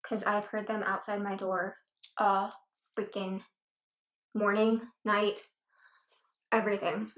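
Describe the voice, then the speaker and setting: A woman's voice: mid-range voice, level tone, a little slow, long pauses. A woman vlogging at home as she eats, chatting casually and rambling between murmurs of enjoyment. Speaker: mukbang vlogger. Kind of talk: casual eating chat. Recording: echoey room with faint noise.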